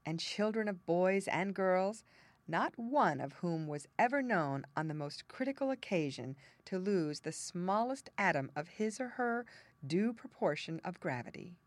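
A woman narrating a classic fairy tale audiobook in a measured, expressive reading. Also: on the low side, no echo. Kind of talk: storybook narration.

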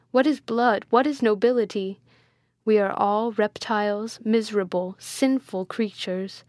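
Woman playing a devout old friar, begging and emotional, slow storybook delivery, dry sound. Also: mid-range voice, a little mellow, no room sound, close to an everyday voice. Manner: pleading, emotional, raised voice. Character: old male friar, pleading father, devout.

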